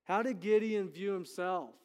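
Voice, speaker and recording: In a church sanctuary, a middle-aged man with a high voice preaches as pastor in an unhurried, folksy, conversational way. He often says "you know" and asks for an amen, and the audio has a big-room sound.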